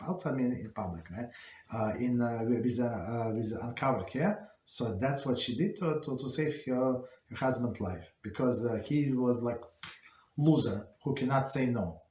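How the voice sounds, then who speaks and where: A rabbi, a man, teaches an informal class, retelling stories in a halting, conversational way that keeps stopping to restart. His voice sits at an ordinary middle pitch. The recording has a roomy, echoing sound. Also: a little mellow. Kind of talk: informal Torah class talk. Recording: roomy echo.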